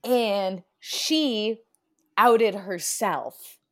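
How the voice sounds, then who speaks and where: A woman's voice: medium pitch, animated, drawn-out words. A woman co-hosting a podcast, recounting a story in casual slang with frequent laughs. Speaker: podcast co-host. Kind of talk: casual chat.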